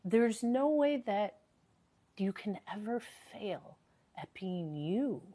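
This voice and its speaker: A woman's voice: mid-range voice, very animated, slow, warm tone. A woman hosting a live stream, talking earnestly and motivationally, repeating phrases for emphasis, her voice a little worn from a sore throat. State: recovering from a sore voice. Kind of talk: casual live-stream chat.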